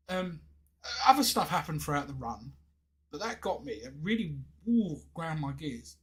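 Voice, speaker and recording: A man's voice: a little high, very animated, normal speed, low-quality recording. An English man in his thirties, a game streamer telling a story in a chatty, indignant way with many restarts. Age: 30s. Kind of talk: casual storytelling while gaming.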